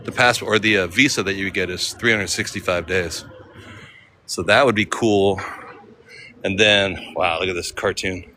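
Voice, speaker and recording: An American travel vlogger walks city streets and chats casually to his viewers, rambling from one thought to the next. His voice is deep, steady, and sharp, at a moderate pace, with slight background noise.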